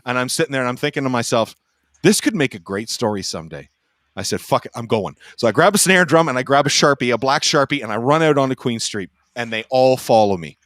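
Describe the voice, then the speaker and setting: A man's voice: mid-range voice, fast talker, no echo. A man on a roundtable panel telling a casual anecdote, acting out the lines of the people in it and swearing freely. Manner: animated storytelling, acting out quotes, swearing freely.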